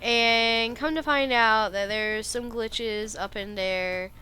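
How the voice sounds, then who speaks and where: A woman's voice: a little high, slow pace, pushed and bright, slight background noise. A woman streamer giving casual, joking gameplay commentary and laughing often. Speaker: game streamer.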